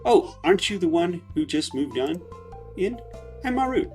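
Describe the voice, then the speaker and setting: A man's voice: high-pitched, sing-song, normal speed, a little mellow, soft background music, voice pushed up. A man voicing an eager, friendly young woman from a farming game.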